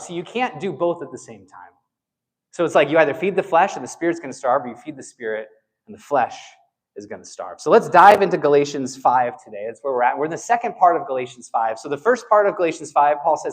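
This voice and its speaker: A man preaching a sermon in a conversational, animated way, with frequent asides to the congregation. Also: fairly high pitch, quick pace. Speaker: pastor.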